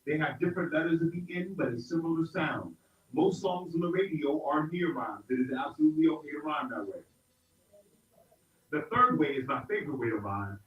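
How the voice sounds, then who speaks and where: A middle-aged man from South Carolina runs a lively hip-hop rhyming lesson, calling out to the group and getting them to answer back. His voice sits a little high. He is recorded from a distance in a roomy space, and the sound is muffled. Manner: upbeat call-and-response with a group, playful. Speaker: hip-hop teaching artist. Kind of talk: interactive workshop lesson. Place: indoor room with an audience.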